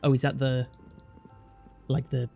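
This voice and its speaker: A man's voice: mid-range voice, little pitch movement, unhurried, vocal fry, dark tone, faint music behind. A British man streaming, chatting casually with viewers and explaining at length, with a lot of restarts. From Britain. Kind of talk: casual chat reading viewer comments.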